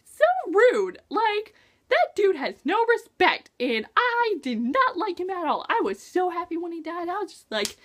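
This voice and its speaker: A young woman vlogging a casual book review, gushing and excitable, full of "like" and "oh my gosh". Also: very high-pitched, a little slow.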